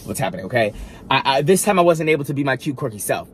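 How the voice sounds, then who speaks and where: Animated man telling a dramatic story. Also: medium pitch, fast, faint music behind. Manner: animated, dramatic retelling with frequent asides and restarts; talks straight to viewers. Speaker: vlogger. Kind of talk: storytime monologue.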